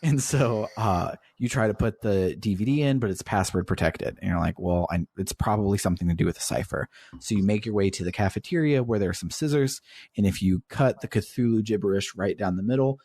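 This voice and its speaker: A man's voice: lowish voice, a little fast, a little mellow, dry recording. A man hosting a podcast, casually retelling a video game's story and swearing freely as he goes. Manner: swears casually while recounting the plot. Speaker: podcast host.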